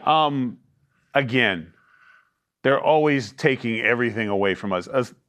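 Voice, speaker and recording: A man's voice: medium pitch, measured pace, a bit bright. A man chatting on a TV panel, talking emphatically and rambling with frequent restarts. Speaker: TV panel guest. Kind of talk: casual panel banter.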